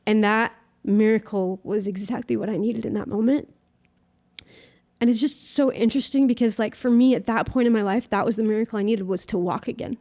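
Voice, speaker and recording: A young adult woman, a guest musician, telling a personal faith story in an interview, earnest and emotional, halting with many fillers. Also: medium pitch, darkish tone.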